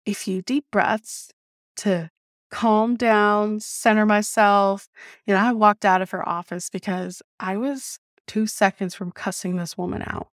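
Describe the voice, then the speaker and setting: Woman host telling a personal story, animated, cussing, mid pitch, dry. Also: dry recording. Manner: animated, swears freely, vents with laughter. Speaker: podcast host. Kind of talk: casual storytelling monologue.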